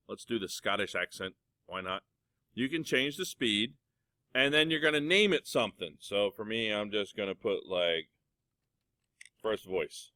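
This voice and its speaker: A man's voice: medium pitch, pushed and bright, no room sound. Chill guy teacher explaining a computer lesson, says guys a lot, dry close mic. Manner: casual, chatty, addresses students as guys. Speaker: music teacher. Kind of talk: classroom software tutorial. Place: computer lab classroom.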